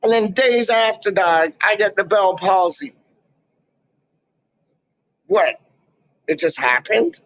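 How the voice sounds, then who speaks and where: A man rants in a casual vlog, heavy with street slang and animated asides. His voice sits high. The recording is dry and somewhat muffled. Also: takes it slowly, pauses often, no room sound. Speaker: YouTuber. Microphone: camera mic.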